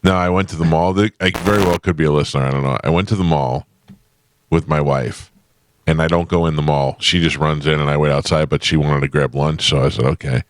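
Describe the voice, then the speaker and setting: A man's voice: extremely low pitch, fairly even intonation, a little fast. A man hosting a morning radio show, telling stories in blunt, wry casual banter. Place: radio studio. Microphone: studio microphone.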